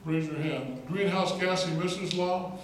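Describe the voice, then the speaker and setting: A man's voice: high-pitched, fairly even intonation, measured pace. A man who is a state legislator, giving an emphatic storytelling speech at a political rally. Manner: storytelling, emphatic, repeats words for effect. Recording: echoey hall, distant mic, faint noise.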